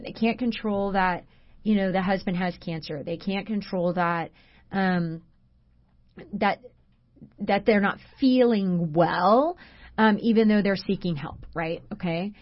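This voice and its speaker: A woman's voice: medium pitch, dull audio. Earnest woman co-hosting a faith radio show. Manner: earnest, warm storytelling with frequent fillers. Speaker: radio show co-host and coach. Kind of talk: faith-based radio talk. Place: radio studio.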